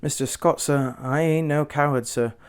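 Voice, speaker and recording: A man voicing a young working-class Cockney bellboy who calls everyone "sir" and speaks in rough grammar. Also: on the high side, fairly even intonation, moderate pace, natural voice. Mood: frightened. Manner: dropped grammar, deferential "sir" after every phrase. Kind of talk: audiobook character voice.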